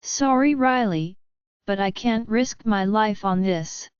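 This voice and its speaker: Woman reading nervous young mom, sorry-sounding, a bit higher, slow and very clear. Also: no echo, natural voice. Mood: apologetic. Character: anxious young woman, a mother. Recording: dull lo-fi audio.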